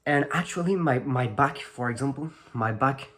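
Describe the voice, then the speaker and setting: A man's voice: mid-range voice, normal speed, a bit bright. A teenage man with a French accent, a native French speaker, talking casually to the camera about his training, rambling with many fillers and restarts. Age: teens. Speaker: fitness vlogger.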